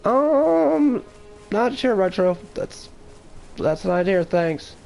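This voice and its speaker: A man co-hosting a casual podcast chat, talking in a blunt, excitable, profane way. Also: high voice, a little slow, faint music behind.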